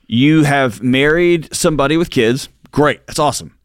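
A man's voice: mid-range voice, moderate pace, dry recording, clean studio sound. A middle-aged man hosting a call-in advice show, blunt and emphatic as he drives home his points. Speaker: talk show host. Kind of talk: casual advice talk.

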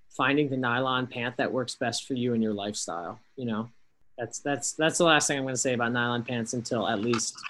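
A man's voice: mid-range voice, fairly bright tone. A man co-hosting a podcast in casual chat over a video call, rambling with fillers and restarts. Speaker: podcast co-host.

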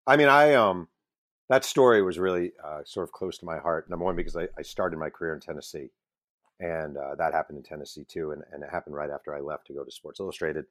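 A man being interviewed as a journalist, telling self-deprecating stories in a lively, casual way with the odd swear word. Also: rumbling low, quick pace, no echo, clean studio sound. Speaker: guest journalist and author.

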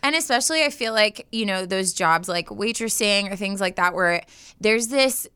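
A young woman co-hosting a podcast, casually chatting and reading a listener's story aloud, animated and quick to laugh. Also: mid-range voice, smooth, no room sound, studio quality. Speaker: podcast co-host.

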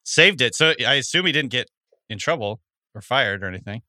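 A man's voice: mid-range voice, animated, fairly quick, sharp tone, dry recording. A man co-hosting a casual podcast chat, laughing often and swearing freely. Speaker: podcast co-host.

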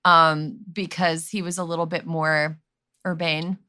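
Give me a woman from Wisconsin hosting a chatty podcast, bright voice, slightly low. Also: level tone, a little slow, clear, resonant tone. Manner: easy, laughing, loose with fillers. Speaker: podcast host. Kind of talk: casual podcast chat.

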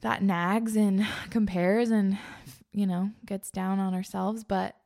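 A woman podcast host talks in a loose, heartfelt way, her sentences trailing into "like" and "um." Her mid-pitched voice carries a steady gravelly fry at the ends of phrases. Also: slow pace. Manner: gushing, earnest, full of "like" and "um". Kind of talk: casual spiritual podcast chat.

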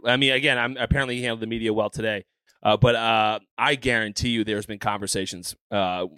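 A man's voice: fairly low pitch, pushed and bright, no room sound. A man who played pro baseball, co-hosting a sports podcast, emphatic with many fillers and some swearing. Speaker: former pro ballplayer, podcast co-host. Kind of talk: casual sports podcast chat.

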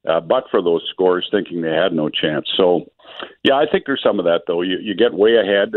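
A man giving radio sports analysis in a measured, thoughtful way. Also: lowish voice, no echo. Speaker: sports reporter. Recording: phone-line sound.

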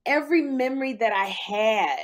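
A woman in her fifties hosting a talk show, telling stories in an animated, emotional way. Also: a little high, moderate pace. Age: 50s. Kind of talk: casual podcast chat.

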